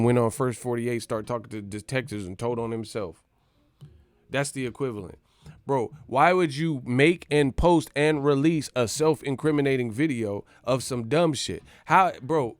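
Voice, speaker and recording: A man hosting a boxing channel, giving brash, animated commentary full of swearing. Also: mid-range voice, no room sound. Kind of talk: casual profane commentary.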